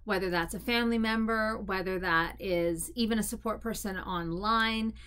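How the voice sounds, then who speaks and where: A woman talks straight to her viewers in a loose, chatty way, restarting sentences as she goes. Her voice sits at an ordinary middle pitch, and she turns upbeat and encouraging when she gives advice. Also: normal speed, fairly bright tone, clear, resonant tone. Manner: chatty, candid, many restarts and fillers; encouraging pep-talk tone. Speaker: mental health vlogger. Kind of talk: casual advice talk to camera.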